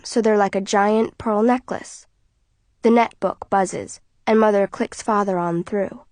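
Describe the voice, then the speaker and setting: A woman narrating an audiobook in the first person, in a quiet, tense manner. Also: mid-range voice, no echo.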